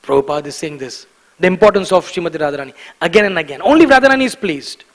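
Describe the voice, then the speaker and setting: A man giving a devotional morning class in a temple, emphatic and animated, repeating key words for stress and often chuckling. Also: on the high side, very fast, in a large hall, low-quality recording. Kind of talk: devotional lecture. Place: temple hall.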